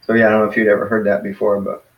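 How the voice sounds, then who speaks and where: A man teaching a small Greek class in a casual way, explaining step by step and patiently, with many pauses and fillers. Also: fairly low pitch, level tone, lo-fi sound. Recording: echoey room.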